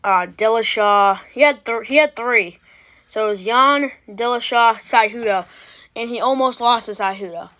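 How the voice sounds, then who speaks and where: High-voiced rambling woman reacting to rankings. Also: normal speed, a bit bright. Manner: rambling, self-interrupting, swears casually. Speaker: MMA reaction host. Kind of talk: casual reaction commentary.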